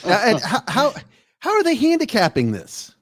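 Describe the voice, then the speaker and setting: Curious man asking halting questions. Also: very high-pitched, huge pitch swings, fairly bright tone. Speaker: podcast co-host. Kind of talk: casual podcast chat.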